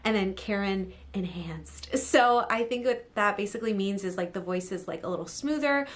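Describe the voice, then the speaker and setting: A woman's voice: medium pitch, moderate pace. A woman novelist talking through phone app steps in a casual, upbeat how-to vlog, chatty and full of "like" and "um".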